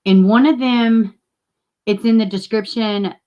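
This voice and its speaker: A woman's voice: a little high, steady tone, measured pace, darkish tone, lo-fi sound. A woman, casually chatting with viewers as a livestream host and greeting them by name. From Tennessee, US.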